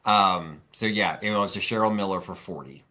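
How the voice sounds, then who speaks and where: A low-voiced man with a bright, forceful tone co-hosts an online antiques sale. He is quick and practical as he tracks the bids and warns viewers about lag. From South Jersey. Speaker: auction co-host. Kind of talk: live-stream auction chat.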